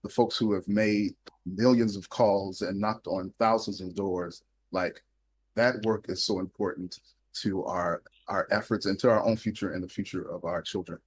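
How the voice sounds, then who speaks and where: A man's voice: sits low, steady tone, moderate pace, slightly rough, low-quality recording. A man hosting a live online event over a video call, effusive and upbeat, laughing often as he introduces guests. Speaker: event host.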